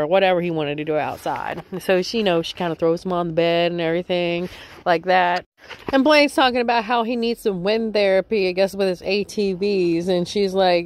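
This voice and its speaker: A woman's voice: medium pitch, moderate pace, clean tone. A woman casually recapping a reality show episode, rambling and chatty, with lots of filler words.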